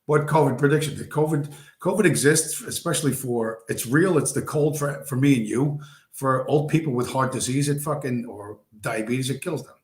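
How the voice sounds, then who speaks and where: Ranting bluntly and crudely into a late-night livestream, a man with a mid-range voice keeps a normal speed even as he loses his voice. He's at home in a room with a squeaky chair, and the recording sounds roomy with echo.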